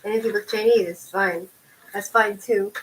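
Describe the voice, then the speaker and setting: A woman's voice: mid-range voice, fairly even intonation, moderate pace, a little hiss or hum, poor audio. A woman chatting casually with her live viewers in a rambling way, tossing them lots of questions. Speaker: tarot reader chatting with livestream viewers.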